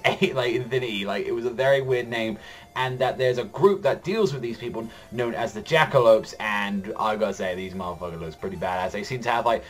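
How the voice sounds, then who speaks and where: A man's voice: mid-range voice, a bit bright. Rambling young man swearing his way through. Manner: rambling, heavy use of "like", swears often. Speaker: anime and manga reaction vlogger. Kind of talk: casual chapter recap.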